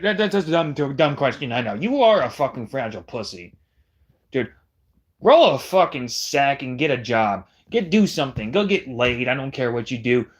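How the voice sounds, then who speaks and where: A man delivering a heated, profane, combative callout rant on a livestream. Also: mid-range voice.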